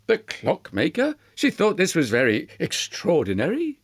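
A storyteller telling a fairy tale in an expressive, animated way. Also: medium pitch, moderate pace, hardly any pauses, husky, dry recording, clean studio sound. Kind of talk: storytelling for children.

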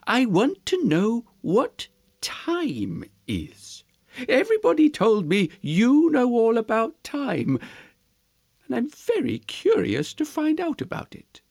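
A storyteller voicing a curious, jelly-like alien with two eyes, asking gently and with wonder. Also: medium pitch, huge pitch swings, slow pace, creaky, no room sound, studio quality, voice pushed up, exaggerated voice.

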